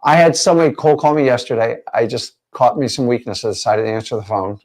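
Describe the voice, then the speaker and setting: A man's voice: mid-range voice, fast talker. A man teaching a real estate training session, emphatic and full of rhetorical questions.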